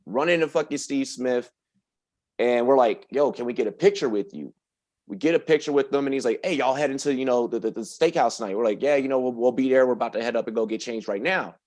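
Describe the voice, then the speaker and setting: Animated storytelling man, casual and profane. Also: mid-range voice, fast, hardly any pauses. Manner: animated, profane, laughs through his story. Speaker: podcast guest.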